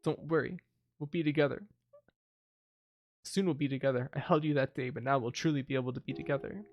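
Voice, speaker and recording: A man voicing a brooding young male killer from a video game, reading the lines aloud in a soft, level voice. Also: medium pitch, a little fast, muffled recording, lightly acted.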